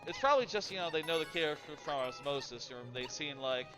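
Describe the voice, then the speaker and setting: Streamer, male, slightly raised pitch, rambling and chatty while playing, music running underneath. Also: lively intonation, quick pace. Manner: rambling, filler-heavy, chatty, answers chat. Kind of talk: casual live-stream commentary while gaming.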